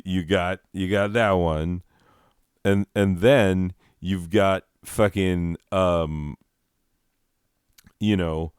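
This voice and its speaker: A man's voice: low-pitched, clear, resonant tone, dry recording, clean studio sound. A man telling a rambling, profane story in casual podcast chat, chuckling and meandering as he goes. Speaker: comedy podcast host.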